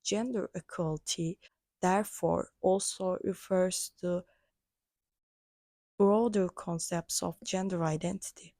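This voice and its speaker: Low, gravelly-voiced woman reading a lesson. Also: a little mellow, no room sound. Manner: careful, measured reading with small restarts. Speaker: educational presenter. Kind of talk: reading a prepared lesson aloud.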